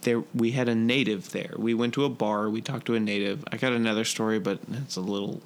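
A man's voice: lowish voice, fairly even intonation, a little fast. A man co-hosting a casual podcast chat, rambling and swearing a lot, with frequent restarts. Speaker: podcast co-host.

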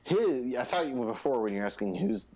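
A young man talks in a relaxed, everyday middle-pitched voice as he retells something he heard. He swears offhandedly and slips in quoted lines while keeping an easy pace. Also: moderate pace. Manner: loose storyteller, swears casually. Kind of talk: casual podcast chat.

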